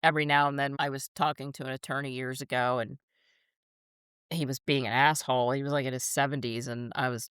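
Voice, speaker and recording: A woman's voice: very deep voice, steady tone, fairly quick, fairly bright tone, clear, resonant tone, no room sound, clean studio sound. Blunt, laughing woman in her fifties. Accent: slight New Jersey. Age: 50s. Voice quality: blunt, swears freely, laughs often. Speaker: podcast co-host. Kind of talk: casual chat.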